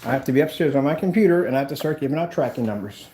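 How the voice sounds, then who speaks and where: Business owner vlogging, emphatic and repetitive, mid-pitch man, roomy echo. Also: expressive, very fast, dark tone, slight background noise. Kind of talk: casual vlog demonstration.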